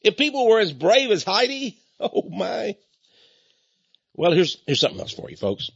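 A man hosting an opinionated news commentary in a sarcastic, exclamatory way, swinging between loud outbursts and hushed asides. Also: high voice, very animated, normal speed, vocal fry, slightly rough, dry recording. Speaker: commentary host. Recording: dull, dry lo-fi recording.

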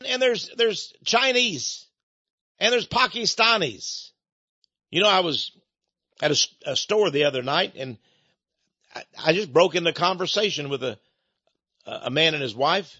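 An older man with a notably high voice hosts a talk show, rambling through a political monologue and stumbling over repeated words as he presses his point. The recording is dull and lo-fi, with a close, dry sound. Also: expressive, measured pace, pauses often, sharp tone, slightly rough, dry recording.

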